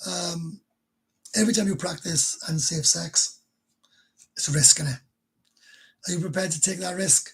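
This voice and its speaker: A middle-aged man chats bluntly on a casual livestream. His voice is rough and husky and sits a little high for a man, and he swears freely as he talks. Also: moderate pace, pauses often, fairly bright tone, rough recording. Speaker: livestream host.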